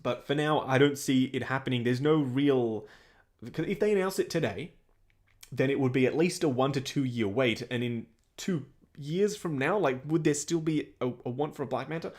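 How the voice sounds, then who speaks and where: A man's voice: mid-range voice, normal speed, darkish tone. A young Australian man hosting a casual livestream, reading viewer questions aloud and answering them in a chatty way. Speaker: livestream host answering chat.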